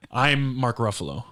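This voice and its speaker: A male podcast host chats in a loose, rambling way, full of fillers and jokes. His medium-pitched voice swings widely in pitch. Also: sharp tone. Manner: rambling, playful, with frequent fillers. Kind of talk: casual comedic podcast chat.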